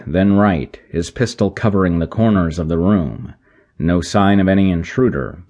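A man narrating an action sci-fi audiobook in a measured, even way. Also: sits low. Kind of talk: scripted narration.

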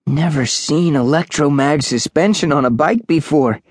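A man's voice: fairly high pitch, moderate pace, no room sound, clean studio sound, pitched above the performer's own voice, close to an everyday voice. A man voicing a curious teenage boy prodigy in an audiobook, hesitant and curious. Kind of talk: audiobook character voice.

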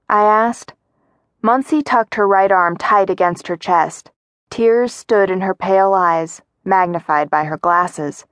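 Audiobook narrator: woman, lowish voice, steady first-person storytelling, dry close-mic studio sound. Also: measured pace, dry recording.

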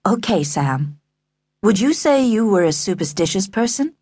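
A woman voicing a glamorous reporter who speaks in a soft, confidential tone. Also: medium pitch, sing-song, moderate pace, breathy edge, dry recording, clean studio sound. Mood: smooth.

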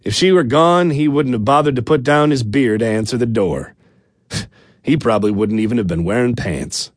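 A man narrates a comic first-person audiobook, wry and sardonic. His pitch rises and falls with lively animation. The studio sound is close and dry, with no room tone. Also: normal speed, no room sound.

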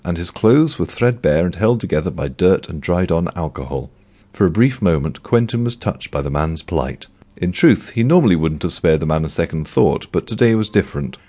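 A man's voice: deep voice, mellow. A man narrating a comic novel with a dry, wry delivery. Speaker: audiobook narrator.

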